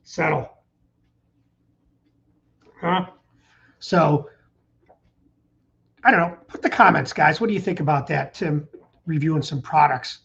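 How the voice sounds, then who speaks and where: A man's voice: on the high side, slow pace, gravelly, pauses often, fairly bright tone, dull audio, a little hiss or hum. Upbeat rambling man hosting a live stream. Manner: rambling, upbeat, reads out viewer comments. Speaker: channel host. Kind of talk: casual livestream chat.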